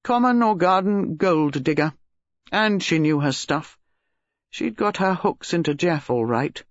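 A man playing a charming, outspoken, rather boastful gentleman with a dry, blunt way of talking. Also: a little high, animated, normal speed, no echo. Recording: dull lo-fi recording.

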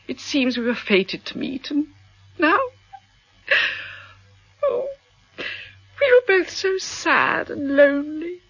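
An actress playing a wealthy middle-aged widow in a radio drama, effusive, melodramatic and sentimental. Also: female voice, high-pitched, sing-song, slow, pauses often, a bit bright, no echo, full character voice. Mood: gushing. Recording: dull lo-fi radio broadcast.

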